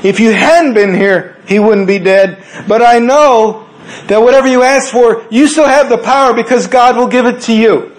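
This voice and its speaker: A man's voice: very high-pitched, normal speed, voice pushed up. A man preaching and voicing a grieving woman who pleads earnestly with her teacher. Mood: pleading. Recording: echoey room.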